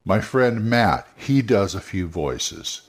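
A man's voice: lowish voice, animated, takes it slowly, breathy edge. An older man hosting a solo podcast, giving casual, rambling advice and often restarting his sentences. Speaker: podcast host.

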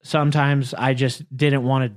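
Guy in a casual chat joking at his own expense, easygoing, medium pitch. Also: moderate pace. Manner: relaxed, self-deprecating storyteller. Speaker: podcast co-host.

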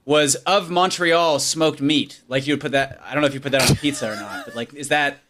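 A man's voice: fairly high pitch, brisk, background noise. A man hosting a podcast over a remote call, bantering and teasing with puns in casual chat.

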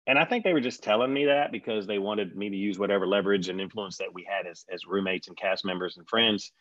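A middle-aged man telling a story in conversation, animated, acting out the people he quotes. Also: on the low side, fast talker, no room sound. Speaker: guest recalling a reality show reunion. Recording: dry, slightly dull sound.

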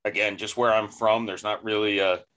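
An American man hosts a podcast interview over a remote call, chatting casually but hesitantly, with frequent restarts and stammers. His voice sits on the low side with a fairly bright tone, and he speaks at a moderate pace with flat delivery.

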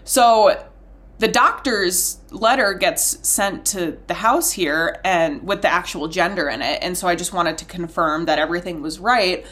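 A young woman in her twenties telling a long family story on a podcast in a casual, profane, animated way. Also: fairly low pitch, unhurried. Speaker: podcast co-host.

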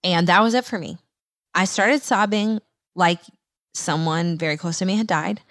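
A woman in her thirties hosting a faith podcast, telling a personal story in an animated way and acting out her own past voice. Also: normal speed, dry recording, studio quality. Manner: animated, acts out her own quoted voice in higher pitch. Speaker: podcast host.

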